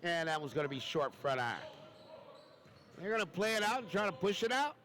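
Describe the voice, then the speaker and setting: High-voiced chatty basketball commentator. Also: male voice, very animated, fairly quick, bright, forceful tone. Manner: folksy, chatty, repeats phrases. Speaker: play-by-play commentator.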